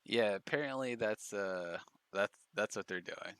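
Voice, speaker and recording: A man's voice: on the low side, a little slow, a bit bright, smooth, no echo. A man streaming, giving casual, profane, mocking commentary on clips.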